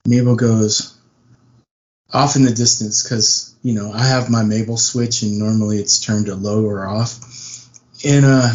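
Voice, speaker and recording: A man's voice: medium pitch, darkish tone, highs cut off. A man with a Texan accent, co-hosting a podcast in casual chat and joking as he tells stories. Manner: joking, storytelling. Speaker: podcast co-host.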